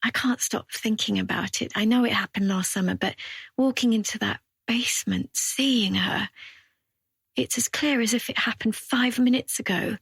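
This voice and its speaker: A woman narrator voicing a young female university student with a slightly brighter, raised tone. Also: on the high side, moderate pace, creaky, husky, no echo, heavily acted. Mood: troubled.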